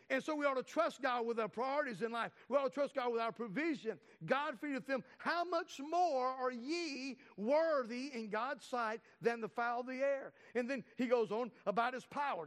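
A man with a very high voice preaches a sermon in earnest, stumbling over fillers and restarting phrases. He slows right down whenever he reads scripture aloud. His voice rings with the long reverb of a church hall. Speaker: pastor.

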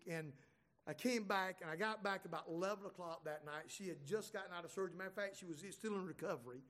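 High-voiced folksy man telling stories. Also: a bit bright. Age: middle-aged. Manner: folksy, chatty, with many restarts. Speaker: speaker. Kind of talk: humorous storytelling to an audience.

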